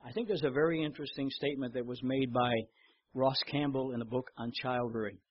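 An older man preaching a sermon, telling stories with lively repetition and reading scripture aloud. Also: mid-range voice, a little fast, lo-fi sound, a little hiss or hum. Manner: storytelling, animated in anecdotes, repeats words. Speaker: pastor.

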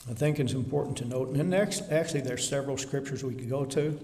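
A male pastor preaching a sermon to a seated congregation, reading scripture slowly and emphatically, often rising to louder declarations. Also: medium pitch, a little hiss or hum. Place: church hall before a seated congregation. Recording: echoey hall with long reverb.

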